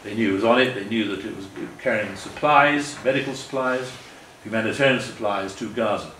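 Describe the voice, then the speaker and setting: Here an older guest speaker talks briskly over slides in a meeting hall, earnest and rambling, with frequent self-corrections. He has a lowish voice and a fairly bright tone. Picked up from a distance, the audio carries room echo, faint ambience, and slight background noise.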